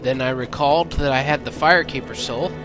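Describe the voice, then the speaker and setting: A man's voice: medium pitch, brisk, loud music behind the voice. A man giving casual, sarcastic gameplay commentary, joking and swearing freely.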